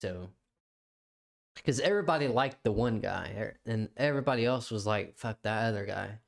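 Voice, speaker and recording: A man's voice: lowish voice, animated, moderate pace, gravelly. A young man co-hosting a podcast, telling a story in a rambling, profane way and laughing often. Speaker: podcast co-host. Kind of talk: casual chat.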